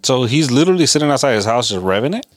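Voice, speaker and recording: A man's voice: mid-range voice, sing-song, very fast, dry recording, clean studio sound. A man co-hosting a casual podcast chat, laid-back and teasing, mostly giving short replies.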